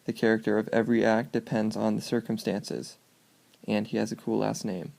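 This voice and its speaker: A man's voice: fairly low pitch, level tone, normal speed, gravelly, darkish tone. A man reading out short case summaries in a casual way and adding offhand jokey asides between them. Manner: reads formal summaries, then adds offhand jokey asides. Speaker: student presenter.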